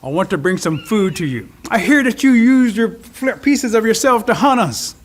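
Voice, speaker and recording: Sly little trickster rabbit, coaxing and scheming, pitched up high, played by a man. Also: animated, moderate pace.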